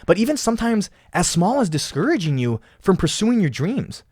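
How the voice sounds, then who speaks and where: A man's voice: sits high, sing-song, moderate pace, a little mellow, husky, no room sound, clean studio sound. A young man hosting a casual motivational podcast, talking solo in an impassioned, emphatic way and often repeating phrases. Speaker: podcast host.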